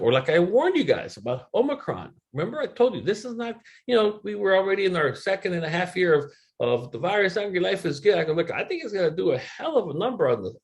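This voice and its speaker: A middle-aged man giving a motivational webinar talk, telling a candid, emotional personal story with loose swearing. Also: a little high. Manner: quotes others in changing voices, rises and falls in loudness.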